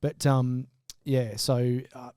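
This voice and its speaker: A man with an Australian accent, co-hosting a podcast in casual, joking chat and trailing off quietly at the ends of phrases. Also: medium pitch, flat delivery, slow, clear, resonant tone, no room sound, studio quality. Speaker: podcast co-host.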